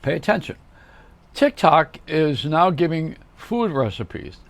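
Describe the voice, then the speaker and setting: An older male host addresses the viewer directly in a rambling comedic monologue packed with wisecracks and one-liners. His voice is a little higher than most men's, slow, with big pitch swings and vocal fry. There's no echo.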